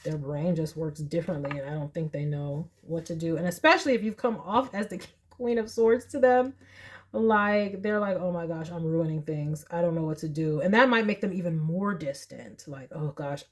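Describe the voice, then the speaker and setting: Chatty emotional woman reading tarot. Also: medium pitch. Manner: chatty and emotional, many likes and y'alls. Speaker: tarot reader. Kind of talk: casual tarot reading monologue.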